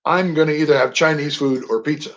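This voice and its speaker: A man's voice: on the high side, fast talker, dull audio. Older man telling stories with energy. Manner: storytelling, animated emphasis on words. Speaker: guest, veteran. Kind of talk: radio interview.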